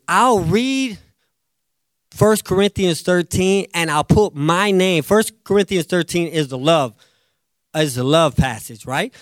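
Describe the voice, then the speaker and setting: Male pastor, high voice, dry close sound, lively sermon delivery with acted-out quotes. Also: no echo. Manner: animated, acts out quotes, jumps loud and soft.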